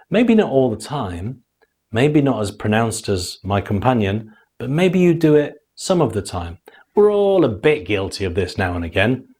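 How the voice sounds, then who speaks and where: A man's voice: mid-range voice, a little mellow. A man giving a scripted course lesson, telling anecdotes and acting out the dialogue in them. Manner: storytelling, acting out quoted dialogue. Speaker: course instructor. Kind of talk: scripted teaching monologue.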